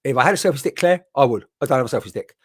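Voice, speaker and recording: A man's voice: medium pitch, expressive, rapid-fire, slightly rough, no room sound. Male medium, rambling and chatty, mid-range voice, dry close mic. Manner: rambling, chatty, many restarts. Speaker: spiritual medium. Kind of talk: live online mediumship session. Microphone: boom mic.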